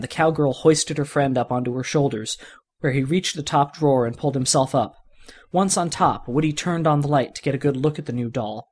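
Male storyteller reading fan fiction, expressive, medium pitch. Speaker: reader.

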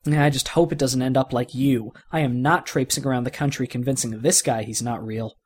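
A man's voice: medium pitch, steady tone, brisk, slightly rough, lightly acted. A man voicing a friendly male toy cowboy who leads the group, in a folksy manner.

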